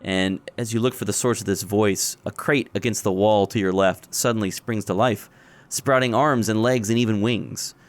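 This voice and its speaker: A man running a tabletop game as game master, describing scenes in a relaxed way. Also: fairly low pitch, normal speed.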